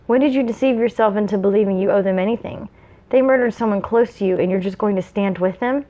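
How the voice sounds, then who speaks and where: A woman's voice: medium pitch, fast, dark tone, close to an everyday voice. A woman reading aloud the pointed questions of an indignant male mercenary. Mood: accusing.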